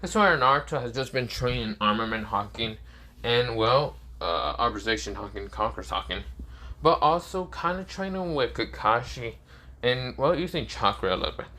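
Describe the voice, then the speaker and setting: A man's voice: mid-range voice, animated, normal speed, sharp tone. A man casually improvising a fan-fiction story, rambling with lots of fillers. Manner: rambling, many fillers like "well" and "but yeah".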